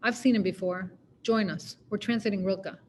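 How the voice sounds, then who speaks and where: A woman's voice: mid-range voice, steady tone, normal speed, slight background noise. A woman poet giving a poetry reading, narrating in a wry, conversational way. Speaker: poet reading her work.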